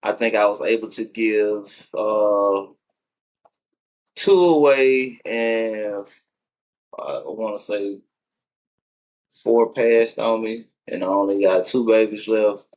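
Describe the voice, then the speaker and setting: A man's voice: lowish voice, takes it slowly, pauses often, darkish tone. A man chatting casually on a livestream from his phone, wistful and full of slang as he rambles.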